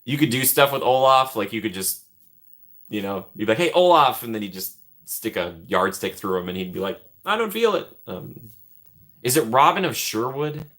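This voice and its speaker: A man hosting a live stream, rambling casually and joking as he thinks out loud while reading the chat. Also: fairly low pitch, expressive, a little fast.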